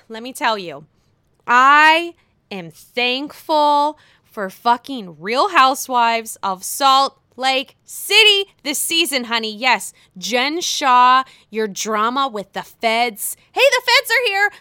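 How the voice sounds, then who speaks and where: A woman chatting casually about reality TV, gossipy and profane, swinging between quiet asides and excited outbursts. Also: fairly high pitch, clean tone, no echo, clean studio sound. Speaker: reality TV commentator. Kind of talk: casual chat.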